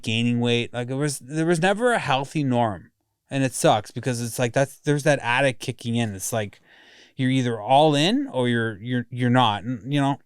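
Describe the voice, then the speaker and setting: A man's voice: medium pitch, clean tone, no echo, clean studio sound. A man in his thirties talking candidly in a casual podcast conversation, rambling and swearing often.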